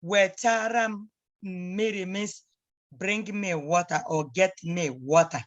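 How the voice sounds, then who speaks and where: A woman's voice: lowish voice, takes it slowly, lo-fi sound. A woman teaching a language class over a video call, patiently repeating phrases for her students to copy. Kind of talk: online class instruction.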